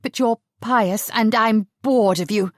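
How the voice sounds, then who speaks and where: A woman's voice: on the high side, slow, no room sound, studio quality. A woman doing a drunk, sneering woman. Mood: bitter. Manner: sneering, raised and cutting. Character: drunk, bitter, reckless young woman.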